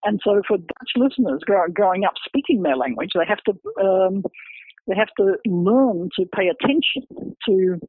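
A man, a researcher, explaining his book's findings in an academic, halting way, full of repeated words and fillers. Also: high-pitched, lively intonation, slightly rough, no room sound. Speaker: researcher discussing his book. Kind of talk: explanatory interview talk. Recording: dry, phone-like radio line.

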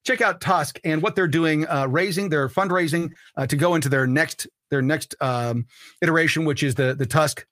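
Brief: male podcast host, emphatic and preachy, bright and forceful tone, a bit high, dry close sound. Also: moderate pace, dry recording. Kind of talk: political commentary monologue.

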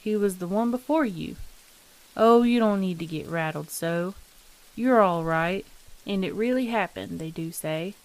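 A woman voicing a sly old landlady who talks in a slow, metallic, folksy drawl, coolly unbothered. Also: medium pitch, natural voice. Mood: gossipy.

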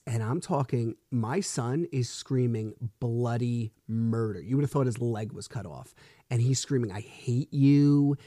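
A man's voice: mid-range voice, mellow, no room sound, clean studio sound. A man in his thirties hosting a solo podcast, telling a story in a frustrated, rambling way with swearing and restarts. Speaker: podcast host.

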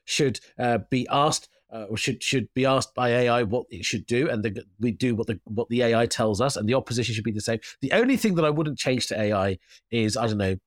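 A man, a comedian, talking mock-serious and deadpan with cheeky asides. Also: medium pitch, brisk, dry recording, clean studio sound. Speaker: comedian correspondent. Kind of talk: comic chat.

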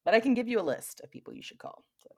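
A woman co-hosting a podcast in casual chat, sassy and quick with a joke, laughing often as she tells stories. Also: mid-range voice, wildly swooping pitch, gravelly.

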